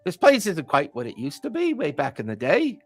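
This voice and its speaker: A man voicing a drunken, grumpy old man who has claimed a ruined tower, rambling and gruff. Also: a little high, wildly swooping pitch, brisk, dry recording, soft background music, heavily acted.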